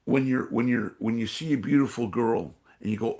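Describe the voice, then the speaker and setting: A San Francisco man, an energy awareness trainer appearing as a podcast guest, tells stories in an interview, rambling with lots of fillers and acting out voices. His voice sits in the mid range with a dark tone, and he speaks at a moderate pace.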